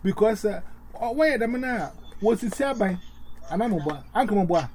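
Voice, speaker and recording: Man talking casually with lots of fillers and restarts, warm voice, light noise behind. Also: sits high, lively intonation. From Ghana. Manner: rambling, halting, many fillers and restarts. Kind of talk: casual chat.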